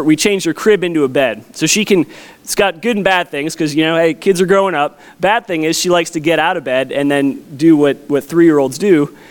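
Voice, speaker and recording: A man in his thirties, a pastor preaching a conversational sermon with a folksy, storytelling manner. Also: on the high side. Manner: folksy, storytelling with family anecdotes.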